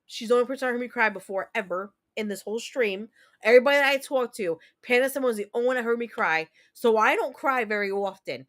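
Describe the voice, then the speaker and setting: Woman streamer, thirties, candid and emotional, noticeable accent, slightly high voice. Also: quick pace, a bit bright. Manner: candid, emotional, repetitive storytelling with mild swearing. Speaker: streamer host. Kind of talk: casual livestream chat.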